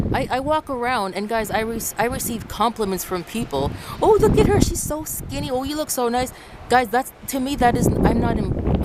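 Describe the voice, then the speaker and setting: A woman from Ecuador talking to camera outdoors in a casual vlog, giving earnest advice and repeating herself as she goes. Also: mid-range voice. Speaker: vlogger. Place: outdoors on a windy day. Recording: loud wind noise buffeting the mic outdoors.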